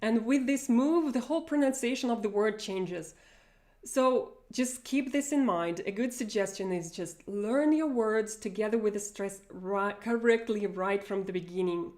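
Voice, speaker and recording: A woman's voice: mid-range voice, moderate pace, darkish tone. A woman whose first language is Russian, teaching a chatty live online lesson over a video call, with frequent fillers and laughs.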